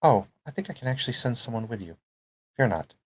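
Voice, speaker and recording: A man voicing a calm, kindly woman who offers help, speaking gently and a bit hesitantly. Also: medium pitch, fast talker, husky, pitched above the performer's own voice. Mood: reassuring.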